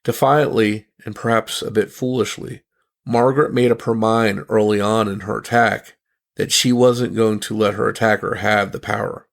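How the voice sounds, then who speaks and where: Low gravelly male narrator. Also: fairly even intonation. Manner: measured storytelling. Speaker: podcast host. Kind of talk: scripted narration.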